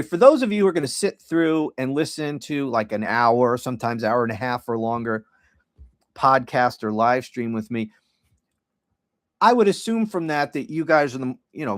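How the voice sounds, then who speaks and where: A man's voice: on the high side, no room sound, studio quality. A middle-aged man hosting a podcast livestream, talking casually in a rambling, sardonic and profane way. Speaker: podcast host.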